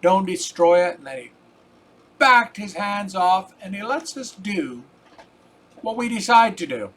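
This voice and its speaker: A man's voice: high voice, very animated, unhurried, a bit bright, slight background noise. An older man telling a personal story in a casual, rambling, folksy way, repeating "I says" and turning earnest and preachy about faith.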